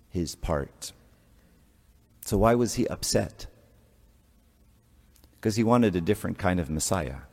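A priest giving a conversational sermon, asking rhetorical questions and making joking asides. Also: male voice, low-pitched, a little mellow. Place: church. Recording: long church reverb.

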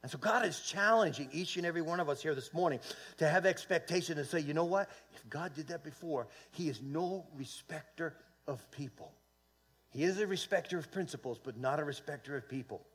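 High-voiced man preaching fervently. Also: a little fast, fairly bright tone, slightly rough. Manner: fervent preaching with swells of volume and call-and-response; repeats words and restarts often. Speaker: pastor. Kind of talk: sermon. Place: church sanctuary.

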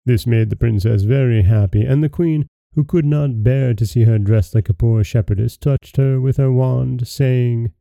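A man hosting a podcast, narrating a fairy tale in a calm, even storybook way, on a dry, dull lo-fi recording. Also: medium pitch, normal speed, creaky, few pauses, no room sound.

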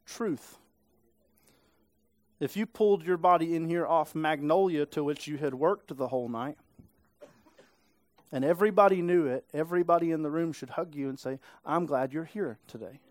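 A man with a slightly high, darkish voice preaches a casual sermon in a church sanctuary, often checking in with tag questions. He talks at normal speed but pauses often, and there's no echo.

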